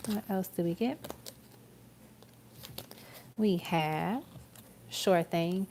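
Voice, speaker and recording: A woman giving a live-stream tarot reading, talking in a soft, musing way with many fillers. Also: on the low side, drawn-out words, long pauses, a little hiss or hum. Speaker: tarot reader.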